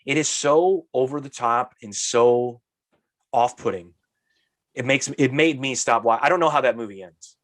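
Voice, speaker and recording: A man co-hosting a podcast in casual chat, ranting about a movie with exasperated, animated asides. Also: mid-range voice, normal speed, dry recording. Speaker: podcast co-host.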